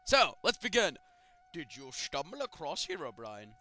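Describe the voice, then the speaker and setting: A young man reading creepypastas aloud and mocking them with sarcastic comments and loud outbursts. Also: fairly high pitch, huge pitch swings, unhurried, faint music behind. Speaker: creepypasta reader. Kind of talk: comedic dramatic reading with commentary.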